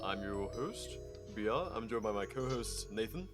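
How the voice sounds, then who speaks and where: A man's voice: lowish voice, expressive, moderate pace, soft background music. A man with a British accent hosting a podcast, joking and bantering casually. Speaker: podcast host.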